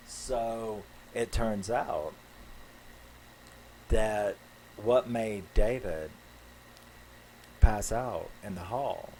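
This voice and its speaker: A man's voice: on the low side, drawn-out words, long pauses, mellow, a little hiss or hum, low-quality recording. A man retelling a film plot in a loose, rambling way, full of fillers and swearing. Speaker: movie reviewer. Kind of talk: casual spoken film recap.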